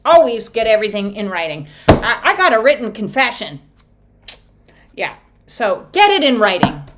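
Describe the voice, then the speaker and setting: A woman's voice: a little high, very animated, moderate pace, background noise. A woman doing an oracle card reading in a casual vlog, talking in a blunt, profane, emphatic way. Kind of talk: casual spiritual vlog chat.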